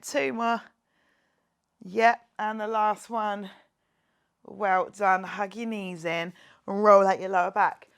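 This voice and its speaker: A woman fitness instructor leading a guided workout class, joking around as she counts reps and cheers her viewers on. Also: medium pitch. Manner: playful, jokey, counts reps aloud and cheers on.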